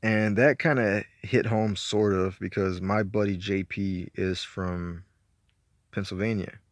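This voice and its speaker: A man with a Southern Georgia accent speaks in a fairly low, steady, unhurried voice, recorded dry and studio quality. In a casual chat, he rambles through his movie collection, laid-back and a bit profane.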